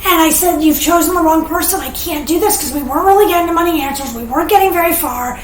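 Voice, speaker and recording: A woman giving an earnest, emotional personal testimony as a podcast guest, animated and sometimes tearful. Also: very high-pitched, quick pace. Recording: roomy, distant mic, faint noise.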